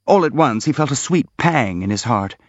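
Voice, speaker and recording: A man narrating a literary audiobook in an expressive, measured reading. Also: medium pitch, no room sound. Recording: slightly dull dry recording.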